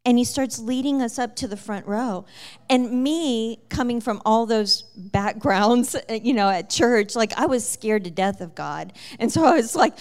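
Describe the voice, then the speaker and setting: A woman telling the story of her conversion in a lively, casual way, with many fillers and frequent laughter. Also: a little high, a little slow. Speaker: guest sharing her testimony. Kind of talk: personal testimony storytelling.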